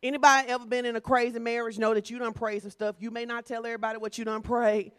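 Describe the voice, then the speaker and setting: A woman's voice: fairly high pitch, little pitch movement, fast talker, a bit bright, clear, resonant tone, no room sound. A woman pastor preaching a sermon in a conversational, teasing way.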